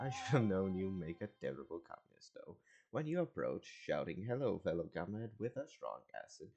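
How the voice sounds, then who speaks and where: A man's voice: sits low, gravelly, darkish tone. A man reading the game's text aloud as he plays, stumbling and restarting over words. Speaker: gamer. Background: game music.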